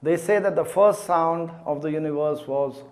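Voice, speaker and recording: A middle-aged man teaching about mantra chanting in a measured, deliberate way. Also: fairly high pitch. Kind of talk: slow explanatory teaching.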